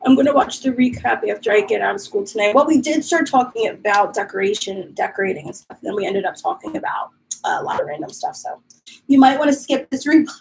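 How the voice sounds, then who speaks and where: A woman's voice: fairly high pitch, lively intonation, fast, gravelly, slight background noise, poor audio. A woman hosting a casual live stream from her home, chatting and reading viewer comments aloud while dealing with allergies and a runny nose. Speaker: livestream host.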